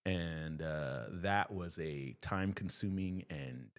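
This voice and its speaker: A man's voice: sits low, slow, clean tone. A man who performs, a podcast guest telling stories in casual chat and acting out the people in them. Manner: animated storyteller, acts out quoted voices.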